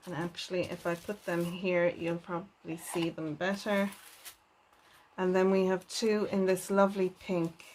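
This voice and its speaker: Woman host, unhurried crafting unboxing read, soft and admiring. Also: fairly low pitch, level tone, a little hiss or hum. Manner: gentle, enthuses with repeated "lovely". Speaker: papercraft channel host. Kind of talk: unboxing video.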